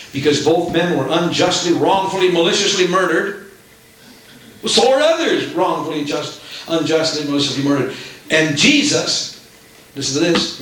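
A man preaching a sermon with fervor, building to loud exclamations. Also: fairly high pitch. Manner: fervent, rising to shouted exclamations. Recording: echoey room, voice from far off.

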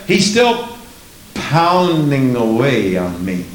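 A man's voice: a little high, sing-song, extremely slow, long pauses, reverberant, poor audio. A man preaching a sermon in an emphatic way, repeating lines and asking the congregation questions.

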